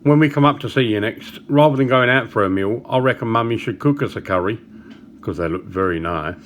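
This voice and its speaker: A man, chatting to camera and telling a joke, with small pauses and chuckles along the way. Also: medium pitch, a little hiss or hum. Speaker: vlogger.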